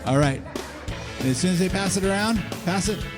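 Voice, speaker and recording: Man, high voice, live event host, energetic, joking, faint music behind. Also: a little fast. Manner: energetic, joking, calling out instructions. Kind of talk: live event hosting, directing a stage game. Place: convention stage before a live audience.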